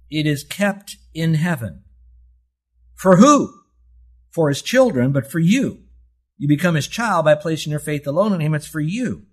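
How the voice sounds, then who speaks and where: A man's voice: on the high side, breathy edge. A man in his seventies preaching a sermon, teaching in an emphatic way with rhetorical questions and telling listeners to circle and underline words. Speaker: pastor.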